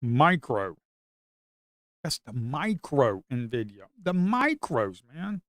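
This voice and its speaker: A man giving casual, rambling commentary on his trading screen, excitable and slangy. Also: medium pitch, slow, no room sound, clean studio sound. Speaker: futures trader and video host.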